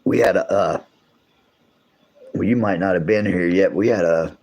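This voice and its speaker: A man's voice: low voice, moderate pace, a little mellow, highs cut off. A man hosting a livestream, chatting casually with viewers in a rambling, drawling way. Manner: rambling, drawling, restarts sentences often. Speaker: livestream host. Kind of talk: casual chat with live chat viewers.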